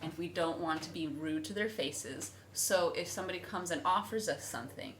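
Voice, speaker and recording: A woman's voice: low-pitched, moderate pace, slight background noise. A young woman chatting casually on her vlog, telling stories and acting out other people's voices. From United States. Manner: animated storytelling, acting out voices. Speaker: vlogger. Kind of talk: casual chat.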